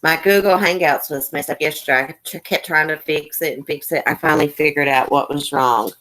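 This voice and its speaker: A woman's voice: low voice, brisk, a bit bright. A woman hosting a casual live stream, chatting folksily with her guest and viewers. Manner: chatty, folksy, addresses chat viewers by name.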